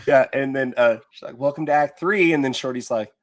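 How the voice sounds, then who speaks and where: A man's voice: mid-range voice, fairly quick, over a noisy crowd. A man co-hosting a podcast, recapping movie scenes in a rambling way with lots of fillers and restarts. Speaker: podcast co-host. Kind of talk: casual movie recap chat.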